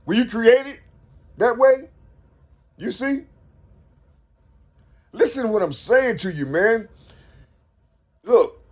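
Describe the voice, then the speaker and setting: A man rambles through a spiritual monologue, repeating himself and pressing the listener with questions. The recording is muffled and lo-fi. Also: extremely high pitch. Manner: rhetorical, repetitive, keeps asking the listener "you see?". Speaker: speaker. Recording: dull lo-fi recording.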